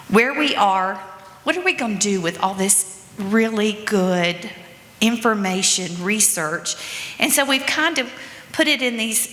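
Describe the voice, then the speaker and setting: A woman's voice: medium pitch, sharp tone. A woman, a state education official, speaking candidly and conversationally to a conference audience. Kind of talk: informal audience remarks. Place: conference hall. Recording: echoey large hall.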